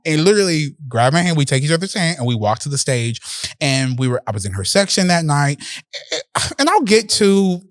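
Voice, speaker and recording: A fairly high-voiced man hosting a podcast, who tells a personal story in loose, excited bursts. He swears freely and breaks into laughter. The recording is dry and close, with no room sound. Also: a little fast, no echo. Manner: animated, profane, laughs often. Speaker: podcast host. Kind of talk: casual storytelling.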